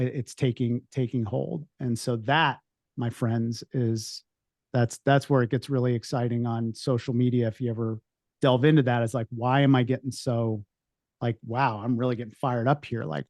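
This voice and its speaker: A man on a podcast panel who talks things through slowly, with many restarts and asides. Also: medium pitch, a little mellow, no room sound, clean studio sound. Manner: reflective, rambling with restarts. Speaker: veterinary practice owner and podcast panelist. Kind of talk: casual panel discussion.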